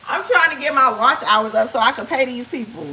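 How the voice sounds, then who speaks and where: A woman's voice: high-pitched, measured pace, pushed and bright, slight background noise, rough recording. A woman hosting a casual cooking live stream, joking and chatting playfully with her viewers as she cooks. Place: home kitchen. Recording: frying sizzle in kitchen.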